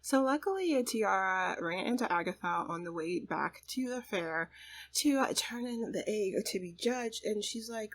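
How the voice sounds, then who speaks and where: A woman's voice: medium pitch, animated, unhurried. A woman hosting a let's play, giving casual, chatty gameplay commentary full of "like" and "you know". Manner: chatty, laughs often, says "like" and "you know".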